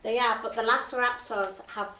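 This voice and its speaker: A woman's voice: fairly high pitch, steady tone, moderate pace, bright, forceful tone, far from the mic. Woman chiming in from off mic in a roomy space. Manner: brief matter-of-fact replies. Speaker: host's helper. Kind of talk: casual chat.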